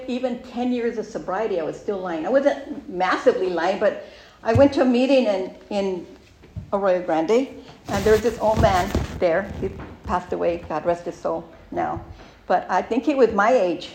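A woman's voice: mid-range voice, moderate pace, darkish tone, slight background noise. A middle-aged woman giving a candid, rambling personal recovery share, with many fillers and asides.

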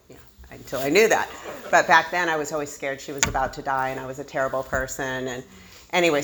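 A woman candidly shares her own recovery story, self-deprecating and laughing often as she tells it. Her voice is low and fairly bright, with slight background noise.

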